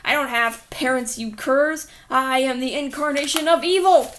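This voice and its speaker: A woman voicing an evil Dark Lord trapped as a boy, who talks in a weak, raspy, boyish voice and shouts his titles indignantly. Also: fairly high pitch, moderate pace. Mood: outraged.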